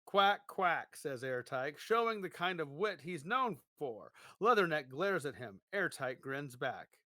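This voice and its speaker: Casting note: playful male podcast host reading a gamebook, bright and slightly high, dry close sound. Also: very animated, unhurried, no echo. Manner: playful, jokey. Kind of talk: reading a gamebook aloud with banter.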